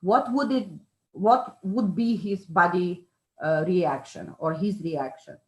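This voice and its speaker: Slow-talking woman explaining in an echoey room. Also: lowish voice. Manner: explanatory, with many fillers and self-corrections. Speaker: speaker on charisma. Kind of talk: informal talk with a participant.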